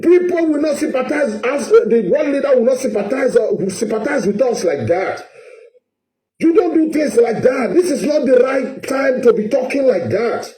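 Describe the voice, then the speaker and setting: Nigerian man, high and dark-toned, passionate political vlog rant, echoey room. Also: expressive, moderate pace. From Edo State, Nigeria. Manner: impassioned, repetitive, stammering restarts. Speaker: vlogger.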